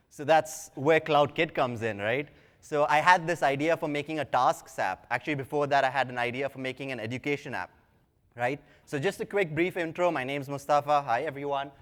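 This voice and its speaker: A man's voice: mid-range voice, clean tone. Casual man giving a talk in a hall. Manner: casual, chatty, self-deprecating asides. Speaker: conference speaker. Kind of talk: live tech conference talk. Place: large conference hall. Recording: long hall reverb.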